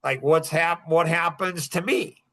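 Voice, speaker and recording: A man in his sixties hosting a podcast, telling a personal story in an animated way with laughs and acted-out lines of dialogue. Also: on the high side, a little slow. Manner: animated, laughing, acts out dialogue with bursts of excitement. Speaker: podcast host.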